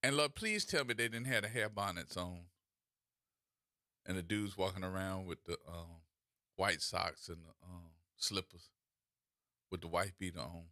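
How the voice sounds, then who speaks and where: A man's voice: low voice, measured pace, long pauses, sharp tone, no room sound, clean studio sound. A man hosting a radio talk show, delivering opinionated commentary full of sarcastic rhetorical questions.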